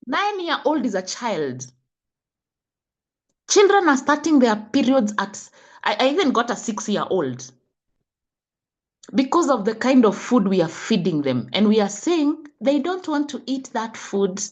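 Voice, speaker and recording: This is a middle-aged woman with a Kenyan accent, speaking as a health coach. She lectures parents in a preachy, scolding way and fires off rhetorical questions. Her voice sits a little high and leaps around with lively, animated pitch. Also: unhurried. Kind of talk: impassioned talk.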